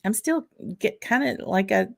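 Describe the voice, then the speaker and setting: A woman with a Southern US accent hosting a casual live-stream tasting chat, unhurried and thinking aloud, with frequent small laughs. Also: mid-range voice, lively intonation, gravelly. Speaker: whisky channel host.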